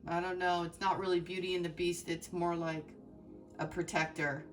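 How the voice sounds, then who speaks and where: A woman's voice: lowish voice, level tone, normal speed, far from the mic, faint music behind. A woman giving a heartfelt, emotional tarot reading, speaking straight to her viewers with many fillers and restarts. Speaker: tarot reader.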